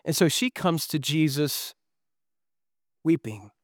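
A man's voice: on the high side, measured pace, dry recording, studio quality. A middle-aged man preaching a sermon as pastor, earnest and full of rhetorical questions.

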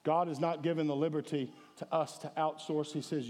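A man's voice: fairly high pitch, level tone, brisk, darkish tone. A man preaching a sermon as pastor, emphatic and calling for responses from the congregation. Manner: emphatic, calls for audience response. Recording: echoey hall with long reverb.

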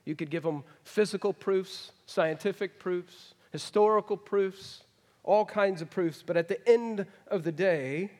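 A middle-aged man preaching a folksy sermon, swinging from emphatic to hushed. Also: sits high, a little slow. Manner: folksy, rising to emphatic then dropping to hushed. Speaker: pastor. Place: large church hall. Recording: long hall reverb. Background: congregation.

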